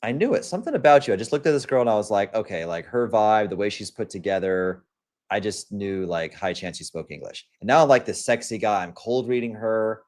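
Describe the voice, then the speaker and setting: A young male livestream host, his voice on the low side with a darkish tone, talks fairly quickly through a profane, casual rant. Quoting other people, he acts their lines out.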